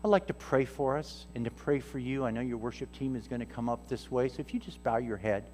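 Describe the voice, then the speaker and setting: A man's voice: mid-range voice, fairly quick. A man preaching a storytelling sermon as a guest missionary speaker, acting out the people in his stories. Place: church sanctuary. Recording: reverberant church hall with soft music.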